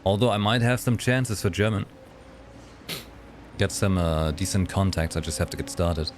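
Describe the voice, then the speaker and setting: A man chatting casually with viewers on a game live stream, lively and playful, slipping into voices for fun. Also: low-pitched, moderate pace, a little hiss or hum.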